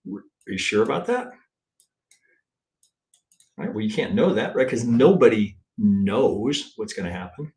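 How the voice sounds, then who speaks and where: A man teaching trading in a live-stream chart review, thinking aloud in a blunt, profane way and tagging his points with a quick "right?". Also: medium pitch, expressive, darkish tone. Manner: thinks aloud, counts waves, restarts often. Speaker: trading instructor.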